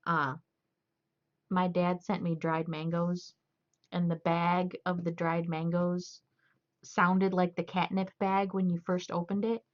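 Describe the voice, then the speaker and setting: A woman's voice: on the low side, little pitch movement, slow. A young woman streamer chatting loosely and laughing as she tells stories. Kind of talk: casual chat. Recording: dull lo-fi stream audio.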